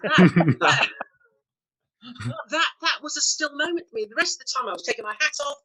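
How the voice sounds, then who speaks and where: A woman in her fifties tells bawdy anecdotes as the guest of an interview. Her voice sits a little high, and she talks in a loose, chatty way, laughing often. She is a frank storyteller. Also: sing-song, a little fast, a loud crowd, poor audio. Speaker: actress guest.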